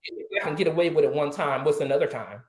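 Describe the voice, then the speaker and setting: Speaking quickly in a voice on the high side, this man fires rhetorical questions during an impassioned online panel, ranting with heated indignation. The recording has a roomy echo.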